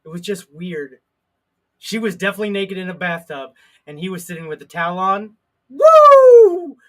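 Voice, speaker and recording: A man's voice: sits high, fairly quick, bright, forceful tone. A man co-hosting a live stream, chatting in a playful, rambling, jokey way. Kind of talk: casual comedic chat.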